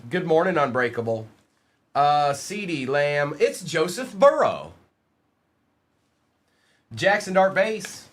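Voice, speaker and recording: A man's voice: on the high side, sing-song, slow, long pauses. A man hosting a live-streamed trading card break, reading out player names and bantering with the chat in a playful way.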